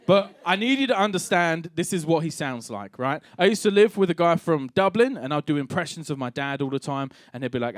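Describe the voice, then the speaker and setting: A man's voice: on the high side, expressive, brisk, few pauses. A man in his thirties performing a wry, chatty stand-up set in a comedy club, playing to the crowd. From England. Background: audience laughter.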